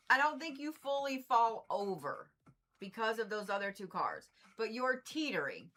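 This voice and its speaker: A woman doing a casual livestream card reading, blunt and animated, swearing freely and repeating herself for emphasis. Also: medium pitch. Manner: animated, exasperated asides. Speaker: Reiki and zodiac card reader.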